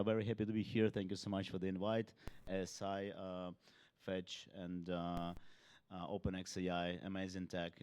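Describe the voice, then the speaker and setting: A man's voice: low voice, darkish tone, clear, resonant tone. A man with a Ukrainian accent speaking English hesitantly, with many fillers, as a startup founder at an event.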